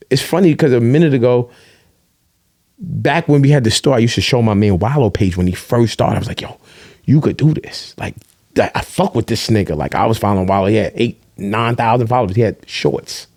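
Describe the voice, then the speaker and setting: A man in casual chat, telling animated stories in streetwise slang and swearing freely. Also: lowish voice, no room sound, clean studio sound. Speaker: podcast guest, vlogger.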